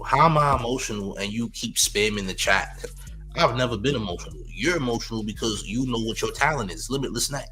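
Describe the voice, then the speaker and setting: Man, livestream host, bright edgy voice, faint music underneath, trash-talking chat. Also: on the low side, normal speed. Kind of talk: casual livestream commentary.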